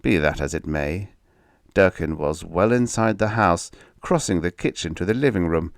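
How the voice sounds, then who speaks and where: A man reads a horror story aloud with a measured, steady delivery. His voice is deep, and the recording is dry and close. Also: no echo. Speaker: audiobook narrator. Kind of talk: scripted narration.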